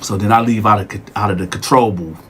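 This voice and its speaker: A man hosting a show, telling a story in a casual, animated way and repeating words as he goes. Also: lowish voice, a little fast, a little hiss or hum. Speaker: storyteller host.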